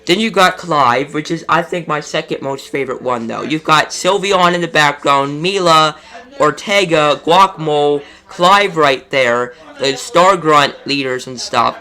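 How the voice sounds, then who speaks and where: A man hosting his own video, griping about collectibles in an annoyed, casual rant. His voice sits a bit high and has a bright, tense edge. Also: moderate pace. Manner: frustrated, exasperated, profane. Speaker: collectibles YouTuber. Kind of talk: casual ranting commentary.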